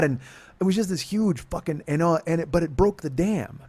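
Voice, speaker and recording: A man's voice: on the high side, fairly quick, slightly rough. A middle-aged man from California telling a long personal story, rambling and profane, often cutting himself off mid-sentence. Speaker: podcast host. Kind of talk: confessional monologue.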